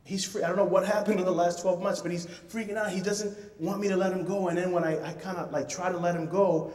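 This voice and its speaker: A man's voice: high voice, steady tone, quick pace, a little mellow. A man in his thirties preaching a sermon as a pastor, earnest and conversational, repeating words for emphasis. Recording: echoey hall, voice from far off.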